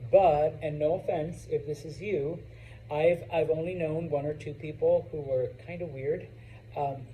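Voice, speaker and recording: A man's voice: a little high, dark tone, a little hiss or hum, low-quality recording. A man teaching a Spanish vocabulary lesson to a class, chatty, with joking asides and frequent "okay?" check-ins.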